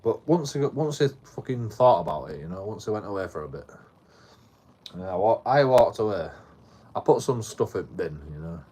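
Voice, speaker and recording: A man's voice: fairly low pitch, expressive, normal speed, dark tone, breathy edge. Yorkshire man swearing through a rambling story. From Bradford, England. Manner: rambling, heavy swearing, repeats words. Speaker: live streamer. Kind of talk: casual storytelling to a live chat.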